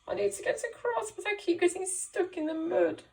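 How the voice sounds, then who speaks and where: A woman's voice: very high-pitched, moderate pace, gravelly, darkish tone, voice pushed up. A woman reading aloud and voicing a male dog in a children's storybook, who is stuck in a bog and pleads for help. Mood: pleading.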